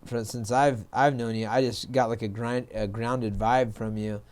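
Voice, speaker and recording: A man's voice: mid-range voice, fairly even intonation, moderate pace, a little mellow. A man hosting a casual podcast interview, rambling with many fillers as he asks questions. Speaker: podcast host.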